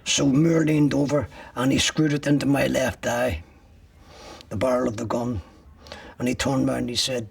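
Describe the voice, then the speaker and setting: Gravelly older man, blunt and profane. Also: medium pitch, fairly even intonation, moderate pace, recorded from a distance. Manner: blunt, profane, vivid storytelling. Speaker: interviewee. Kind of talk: recounting personal ordeal.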